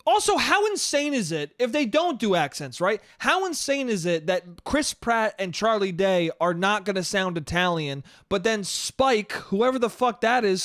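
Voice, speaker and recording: A man with a high, bouncy voice hosts a solo podcast, rambling and swearing as he goes. He tacks "dude" onto almost every thought. The close studio mic leaves the sound dry and intimate. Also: expressive, measured pace, few pauses, fairly bright tone, no room sound. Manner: rambling, profane, keeps saying "dude". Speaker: podcast host. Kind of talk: casual solo podcast monologue.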